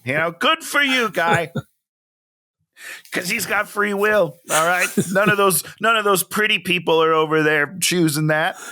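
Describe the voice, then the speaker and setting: A man's voice: high voice, a little slow, slight background noise. A man from Minnesota co-hosting a casual comedic chat, joking around and putting on little voices as he retells scenes. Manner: animated, jokey, puts on voices when retelling. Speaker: podcast co-host.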